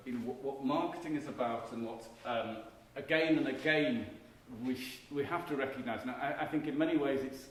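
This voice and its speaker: Middle-aged man lecturing in an echoey hall. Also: medium pitch. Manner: conversational, emphatic lecturing with frequent restarts. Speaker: keynote speaker, marketing professor. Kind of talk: conference lecture. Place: conference hall. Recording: echoey hall recording with faint background noise.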